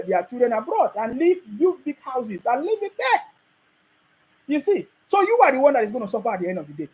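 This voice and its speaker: Brief: Nigerian man, very high voice, scolding political commentary, laughs often. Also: darkish tone, poor audio. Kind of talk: ranting monologue.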